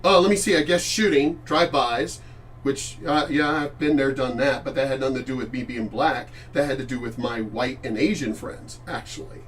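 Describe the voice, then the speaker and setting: A man's voice: medium pitch, normal speed, a bit bright, recorded from a distance, a little hiss or hum. A man hosting his own channel, ranting in a casual, emphatic monologue, swearing freely and talking to a friend by name. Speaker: channel host.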